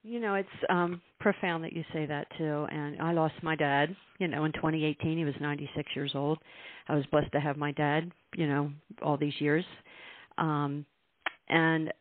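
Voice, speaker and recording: A woman's voice: low-pitched, steady tone, normal speed, no room sound. A woman hosting an interview show, telling a heartfelt personal story. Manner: warm-hearted storyteller, emotional. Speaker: talk show host. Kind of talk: interview, casual chat. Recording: tinny dry phone-like line.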